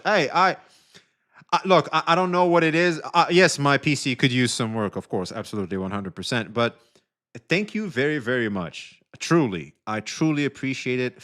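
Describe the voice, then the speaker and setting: A man live-streaming, who swears a lot and keeps thanking donors in a casual, animated way. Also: mid-range voice. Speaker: livestreamer.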